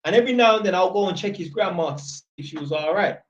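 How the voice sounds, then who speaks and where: A man's voice: high voice, animated, quick pace. A young man chatting on a live stream, rambling and blunt, swearing freely. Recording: dull lo-fi sound.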